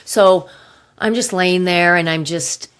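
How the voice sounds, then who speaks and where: A middle-aged woman hosting a podcast, telling a personal story in an emotional, halting way with sighs and pauses, close to tears. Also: fairly low pitch, fairly bright tone, clear, resonant tone. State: near tears. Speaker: podcast host.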